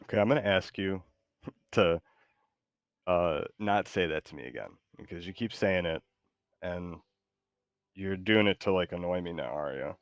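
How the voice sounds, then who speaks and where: A man's voice: sits low, normal speed, long pauses, no echo, studio quality. A man streaming a game, talking in a laid-back, hesitant, joking way to his AI sidekick. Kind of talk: casual gaming stream chat.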